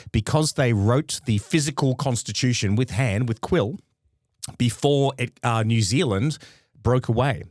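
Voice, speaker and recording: Playful podcast co-host. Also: male voice, mid-range voice, no echo, clean studio sound. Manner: playful, quick banter. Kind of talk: casual podcast chat.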